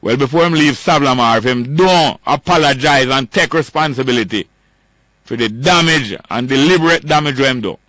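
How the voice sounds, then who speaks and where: A man's voice: mid-range voice, moderate pace, a bit bright, no echo. A man with a Jamaican accent giving political commentary as a talk host, ranting emphatically and repeating his points.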